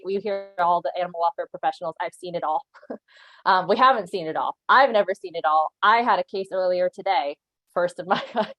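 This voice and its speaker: A woman's voice: medium pitch, no echo, rough recording. A woman leading an online training session, explaining things earnestly, often checking in with "right?" and laughing lightly now and then. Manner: earnest and instructive, with occasional laughs and frequent "right?" check-ins. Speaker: animal control officer giving a training.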